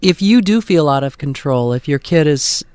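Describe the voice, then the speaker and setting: Man, radio host, probing questions, slightly high voice, dry close mic. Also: animated, moderate pace, darkish tone, clean tone, dry recording. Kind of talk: radio interview.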